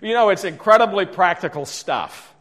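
A man's voice: sits high, expressive, normal speed, fairly bright tone. A middle-aged man presenting a workshop, telling stories in a self-deprecating way, with frequent restarts. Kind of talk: storytelling conference talk. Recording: reverberant lecture hall.

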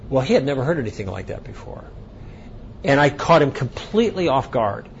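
Animated man giving a lecture, lo-fi. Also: mid-range voice, brisk, gravelly, slight background noise. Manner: animated storytelling, acting out both sides of a dialogue. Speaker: speaker at a conference. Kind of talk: lecture with anecdotes.

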